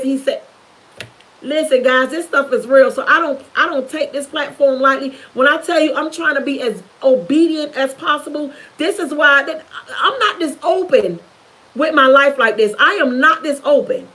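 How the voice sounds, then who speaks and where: A woman's voice: sits high, moderate pace, fairly bright tone, rough recording. A middle-aged woman, giving a fervent, preachy testimony on a livestream, repeating herself for emphasis. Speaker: YouTuber.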